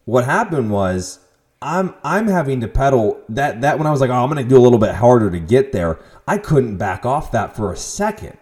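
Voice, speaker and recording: Animated, swearing man telling a story. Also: medium pitch, fairly quick. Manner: animated, profane storytelling with sudden loud outbursts. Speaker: podcast host. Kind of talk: casual monologue.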